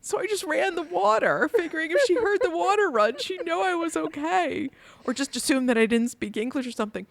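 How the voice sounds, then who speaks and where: Animated American woman telling a story. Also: very high voice, a little fast, gravelly. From United States. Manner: animated, laughs through the story. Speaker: podcast co-host. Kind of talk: casual storytelling chat.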